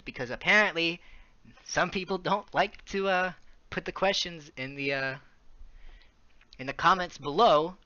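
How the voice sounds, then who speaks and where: A man's voice: fairly high pitch, pushed and bright. A man hosting a casual online chat show, laughing often and steering the conversation. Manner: laughs often, leads the segment. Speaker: podcast host. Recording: dull lo-fi sound.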